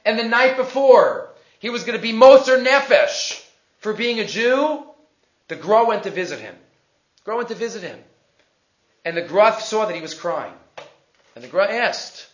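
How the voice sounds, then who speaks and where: A man teaching a Torah class, telling a story and slowing down to read verses aloud. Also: sits high, sing-song. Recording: roomy, dull lo-fi recording.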